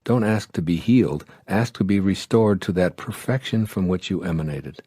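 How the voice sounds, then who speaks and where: Deep, dark-voiced man narrating. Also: moderate pace, slightly rough, no room sound, studio quality. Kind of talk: scripted inspirational narration.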